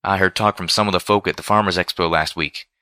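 A man's voice: low voice, fairly even intonation, quick pace, pushed and bright, no room sound, clean studio sound. A man voicing a plainspoken country female farm pony with a folksy rural drawl.

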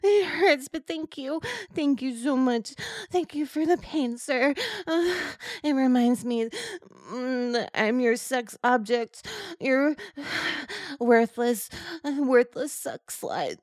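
Young woman doing adult audio roleplay, slow and begging, lots of sighs, dry close sound. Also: high voice, dry recording. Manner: pleading, submissive, with sighs and murmured fillers. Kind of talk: adult audio role-play.

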